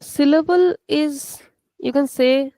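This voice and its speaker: A woman with an Indian accent, a native Hindi speaker, gives an online language lesson over video, patiently checking in with her students. Her voice is high-pitched and mellow, and she speaks slowly. The recording is dry and rough.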